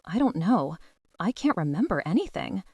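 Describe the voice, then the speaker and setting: A woman reading an audiobook, voicing a frail, confused elderly father who speaks in a husky whisper. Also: sits high, sing-song, moderate pace, no echo, full character voice. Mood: weak, bewildered.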